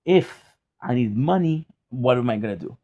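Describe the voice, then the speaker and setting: A man's voice: medium pitch, animated, moderate pace, dark tone. A young man chatting casually in a vlog from his apartment, rambling with restarts and casual swearing. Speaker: gaming vlogger. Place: hot apartment.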